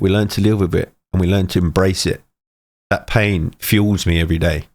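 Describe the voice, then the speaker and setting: A man's voice: low voice, steady tone, a little fast, a little mellow. A middle-aged man gives an emotional personal testimony, speaking in short, punchy sentences and sighing often. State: tearful, emotional. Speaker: motivational speaker.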